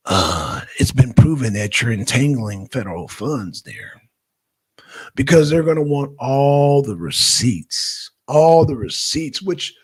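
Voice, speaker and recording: A man's voice: on the high side, breathy edge. A man from Georgia with a Southern accent, chatting casually to viewers as the host of a political livestream. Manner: chatty, addresses viewers directly, gives shout-outs.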